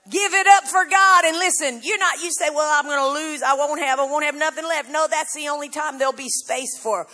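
A woman preaching a sermon with passion, often rising to a shout. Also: high voice, fairly quick, hardly any pauses.

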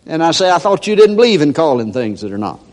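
A man's voice: on the high side, sing-song, quick pace, darkish tone. An older man preaching a sermon in a folksy storytelling manner, acting out everyday characters. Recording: long hall reverb.

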